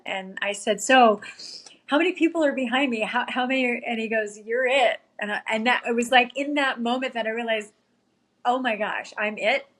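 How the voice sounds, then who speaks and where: A woman's voice: medium pitch, a bit bright. A middle-aged woman telling a heartfelt story as a podcast guest, earnest and close to tears at times, quoting her own thoughts along the way. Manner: earnest, tearful at times, quotes herself. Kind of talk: emotional storytelling.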